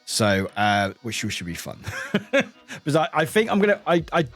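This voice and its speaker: A man's voice: mid-range voice, normal speed, faint music behind. A man from the UK, a streamer chatting casually and animatedly with his live chat from home. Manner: animated, laughing, greeting chat by name. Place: home room.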